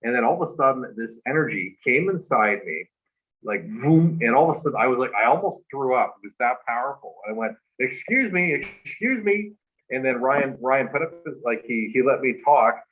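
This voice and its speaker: A man's voice: medium pitch, fairly quick, fairly bright tone, low-quality recording. A man guest on a talk show, earnestly telling a personal story in a rambling way, full of "like" and "you know".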